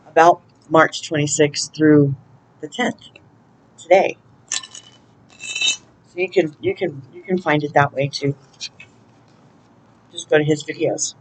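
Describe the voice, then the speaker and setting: A woman's voice: low voice, fairly even intonation, takes it slowly, pauses often, slight background noise, low-quality recording. A woman giving a casual spiritual oracle reading, chatty and laughing often as she greets angels aloud. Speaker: intuitive oracle card reader.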